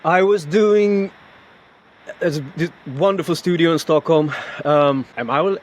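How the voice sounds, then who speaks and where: A man's voice: fairly high pitch, a little slow, slight background noise. A man, a voice actor, telling stories in a casual interview over a video call, with lots of restarts and laughter. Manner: animated storyteller, many restarts and laughs. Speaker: voice actor guest.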